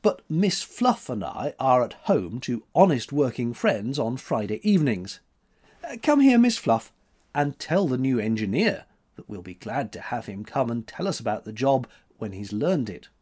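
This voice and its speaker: A man's voice: big pitch swings, a little mellow, husky. A man voicing a spirited, defiant young woman sculptor who talks in a raised, teasing voice. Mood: playful. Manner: teasing, quick-tempered, higher voice.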